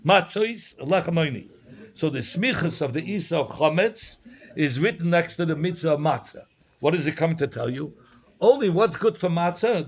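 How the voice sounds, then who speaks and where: Rabbi with a Yiddish-inflected accent. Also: male voice, on the high side. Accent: Yiddish-inflected English. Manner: explaining with Hebrew and Yiddish terms, trailing restarts. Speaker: rabbi teaching Talmud. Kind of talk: Talmud class.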